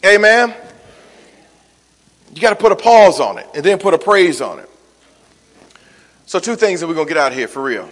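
A male pastor giving a sermon, swinging from loud emphatic calls to soft, weary asides. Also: sits high, big pitch swings, moderate pace, long pauses. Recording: long hall reverb.

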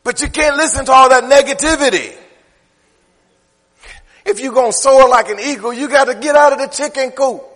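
A man's voice: very high-pitched, normal speed, long pauses, a bit bright, in a large hall. A man preaching a sermon, talking conversationally and firing off rhetorical questions. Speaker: pastor.

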